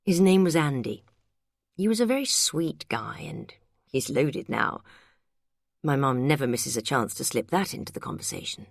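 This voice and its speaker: A worldly, self-mocking woman spins tipsy tales with dry, amused humour, as a woman reading an audiobook voices her. Her voice sits low. The sound is close and dry. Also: expressive, moderate pace, creaky, no echo, full character voice. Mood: wry amused. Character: wry, worldly woman friend, tipsy storyteller.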